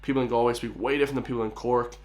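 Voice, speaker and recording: A man's voice: medium pitch, steady tone, racing, a little mellow. A man in his twenties from Ireland with a mild Irish accent, chatting casually as he reacts to a video for his viewers. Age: 20s. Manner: chatty, keeps addressing viewers as guys.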